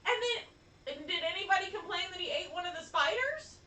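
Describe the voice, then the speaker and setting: A woman co-hosting a casual chat, animated and laughing often. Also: extremely high pitch, fairly quick, reverberant, distant mic, crowd noise. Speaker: podcast co-host.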